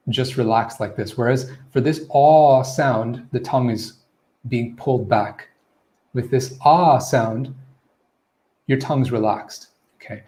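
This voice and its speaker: This male speaker has a mid-range, slightly dark voice. He's leading a live online Q&A on pronunciation, demonstrating vowel sounds and frequently asking "okay?" or "right?" to check on learners.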